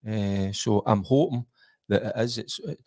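A man's voice: lowish voice, a little slow, warm tone, no room sound, studio quality. Earnest Scottish man talking football. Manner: earnest, thinking aloud with fillers. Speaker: football pundit. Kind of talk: casual football chat.

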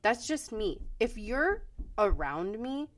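A woman's voice: fairly high pitch, sing-song, takes it slowly. A woman co-hosting a podcast in casual chat, blunt and frank and swearing freely. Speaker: podcast co-host.

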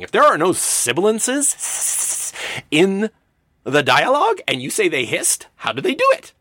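A male writing instructor lectures with a bright, forceful voice that leaps around in pitch. His delivery is emphatic and playful. The sound is close and dry, with no room echo. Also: wildly swooping pitch, unhurried. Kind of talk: recorded lecture.

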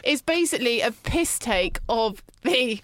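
A woman's voice: on the high side, expressive, unhurried, a bit bright. A woman co-hosting a casual chat show, wry and teasing in a matter-of-fact way. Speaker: podcast co-host.

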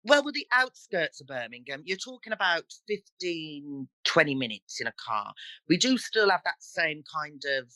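Chatty guest with Black Country accent. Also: male voice, on the high side, normal speed, no room sound, rough recording. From Black Country, England. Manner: chatty, lively, slips into broad local voices. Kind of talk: casual chat.

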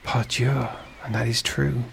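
A man's voice: mid-range voice, little pitch movement, unhurried, creaky, a bit bright, slight background noise, low-quality recording. A man reading a storybook and voicing a kindly, fatherly shipowner who asks questions. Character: male shipowner, warm and fatherly employer.

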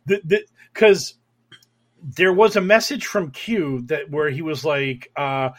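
A young man with a fairly high voice rants on a podcast. He is sarcastic and profane, tripping over his words and restarting, then building into angry outbursts. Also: steady tone, slow. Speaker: podcast host. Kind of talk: casual political podcast rant.

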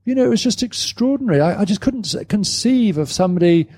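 A man's voice: high-pitched, expressive, quick pace, dark tone, breathy edge. A man from Britain being interviewed about his book at a live event, talking casually with many restarts and repeated words. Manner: hesitant, repeats words, self-correcting. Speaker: author guest. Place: live event before an audience.

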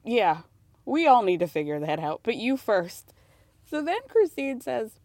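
A woman's voice: fairly high pitch, sing-song, unhurried, a little mellow, dry recording. Sarcastic woman recapping a reality show. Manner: sarcastic, laughs often, acts out quotes in mocking voices. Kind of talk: casual recap commentary.

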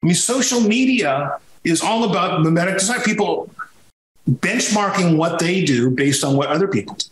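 A man's voice: sits high, animated, normal speed, roomy sound, low-quality recording. A man from Sicily talking as a podcast guest, telling his story emphatically with frequent restarts. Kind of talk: conversational podcast interview.

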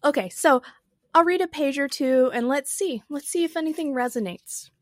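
A woman's voice: sits high, normal speed, no echo, studio quality. A woman hosting a podcast, chatting about a book with wondering, amused asides and reading it aloud. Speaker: podcast host and reader. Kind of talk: casual musing and reading aloud.

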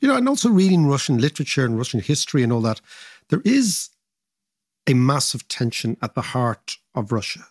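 A man's voice: mid-range voice, big pitch swings, brisk, husky, no echo. A man in his fifties co-hosting a podcast, telling long digressive stories in a lecturing, casual way. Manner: expansive, lecturing, digressive with asides. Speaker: podcast co-host. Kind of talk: casual chat, storytelling.

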